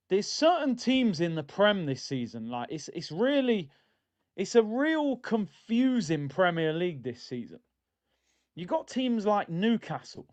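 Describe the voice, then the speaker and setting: A man hosting a live football watchalong, chatting in an excitable, rambling, jokey way. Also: high voice. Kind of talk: live fan chat, casual banter. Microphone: streaming mic. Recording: dull lo-fi stream audio.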